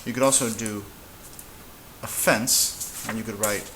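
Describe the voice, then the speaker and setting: Male language teacher, relaxed and halting at the board, slightly low voice, light hiss behind. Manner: relaxed, halting, with many fillers and restarts. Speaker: Spanish teacher. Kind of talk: casual whiteboard lesson.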